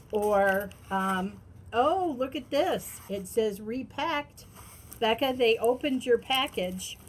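Female vlogger, slightly high, unhurried, gushing unboxing delivery, faint background noise. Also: darkish tone, rough recording. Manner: gushing, gasping, breaks into delighted exclamations. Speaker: tarot channel host. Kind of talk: unboxing vlog.

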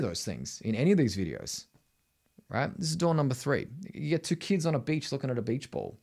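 A man's voice: medium pitch, very animated, brisk, creaky, a little mellow. A middle-aged Australian man teaching singing to camera, emphatic and blunt, ending his points with "right?". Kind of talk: vocal tutorial to camera.

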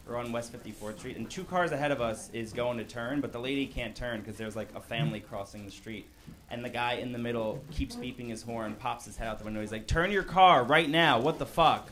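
A young man doing a stand-up set on a comedy club stage, working the crowd with deadpan asides. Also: mid-range voice. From Long Island, New York. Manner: crowd-work, deadpan asides, quick self-corrections. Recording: loud background noise in live club.

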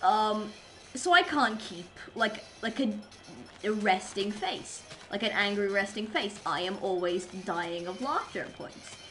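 A woman's voice: mid-range voice, expressive, a little slow, bright, forceful tone, soft background music. A young adult woman streamer chatting casually while gaming, rambling and silly as she goes. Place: home streaming setup.

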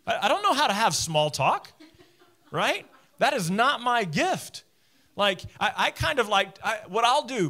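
A man preaching a sermon from a church stage as the teaching pastor, talking straight to his listeners with self-deprecating humor. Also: sits high. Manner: conversational, animated, talks straight to listeners.

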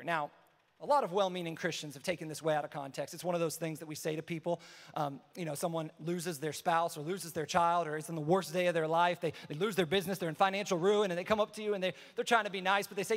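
A young man preaching a sermon as a pastor, animated and acting out everyday excuses in quick asides. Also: on the high side, in a large hall. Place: large church hall.

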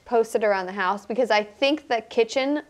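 A woman's voice: a little high, moderate pace. A young woman co-hosting a casual podcast, chatting and explaining behind-the-scenes details as a former contestant. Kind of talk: casual chat.

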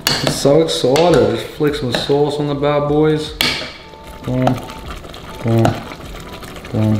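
A young man cooking in his home kitchen, talking in a casual, excitable, sweary way. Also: a little high, slow, pauses often, noisy background. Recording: echoey kitchen with music behind.

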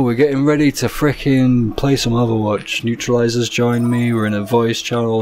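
Excitable sweary gaming commentator man. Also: medium pitch, normal speed, slight background noise. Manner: excitable, swears a lot, sudden loud outbursts. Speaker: gaming YouTuber. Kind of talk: casual gameplay commentary.

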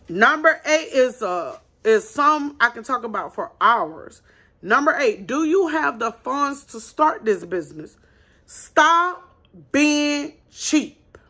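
Talking straight to her audience, a woman hosts a casual business-advice vlog with a blunt, emphatic style. She pushes hard on key words, her slightly high voice sounding bright and forceful.

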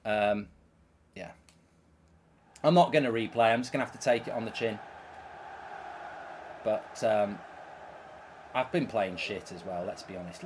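A man streaming a football game, ranting and swearing about his play and reading chat messages aloud. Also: fairly high pitch. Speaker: gaming streamer. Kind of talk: live gameplay commentary reading chat.

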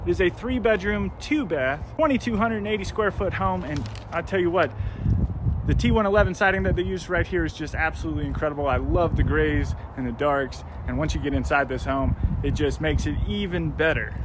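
An American man with a slightly higher voice than most, gushing about each room as he walks through a model home. His delivery is casual and upbeat, like a friendly vlogger filming as he goes. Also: brisk, background noise. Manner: enthusiastic, gushing. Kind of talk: casual walkthrough narration.

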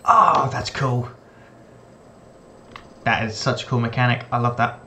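A man's voice: medium pitch, a little slow, sharp tone, a little hiss or hum. A man hosting a casual game commentary, chatty and playful, talking to the characters on screen. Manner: playful and chatty, talks to game characters, slips into silly voices. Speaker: gaming channel host. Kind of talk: casual let's-play commentary.

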